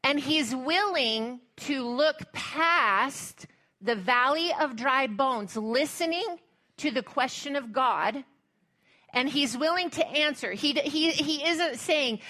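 Bright-voiced woman pastor preaching. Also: high-pitched, takes it slowly. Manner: chatty, humorous preaching with scripture reading. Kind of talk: sermon.

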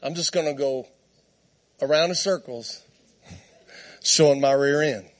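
A man's voice: a little high, slow, voice pushed down. A man doing a lazy stubborn mare. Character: lazy stubborn female horse.

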